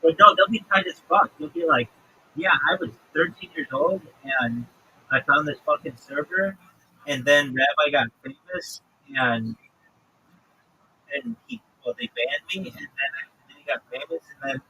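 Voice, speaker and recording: A man's voice: fairly high pitch, animated, a little slow, pushed and bright, dull audio, slight background noise. A man hosting a livestream, chatting casually and swearing as he jokes, acting out imagined conversations in different voices. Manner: profane, joking, acts out imagined dialogue. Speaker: livestream host.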